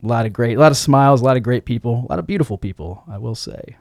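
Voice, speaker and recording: A man's voice: medium pitch, very fast, vocal fry, a little mellow, dry recording. Laid-back male radio DJ, dry sound. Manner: laid-back, reads liner notes aloud, chuckles at his own slips. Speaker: radio DJ host. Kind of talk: casual radio show chat.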